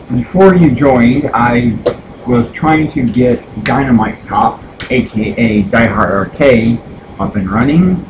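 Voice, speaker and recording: A man's voice: mid-range voice, highs cut off, noisy background. A man from the United States chatting casually while streaming retro games, rambling with lots of fillers and restarts. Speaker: gaming streamer. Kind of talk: casual live-stream chat.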